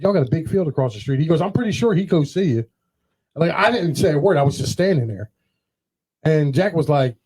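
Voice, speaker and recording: Husky-voiced man telling stories. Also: on the high side, mellow, poor audio. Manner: rambling anecdotal storytelling, quotes others in dialogue. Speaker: podcast host. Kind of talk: casual podcast chat.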